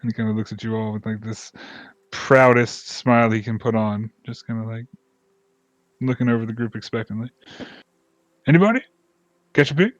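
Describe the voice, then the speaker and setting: A man's voice: lowish voice, flat delivery, fairly quick, no echo, lo-fi sound. Rambling man narrating as game master. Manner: rambling, hesitant, with many fillers.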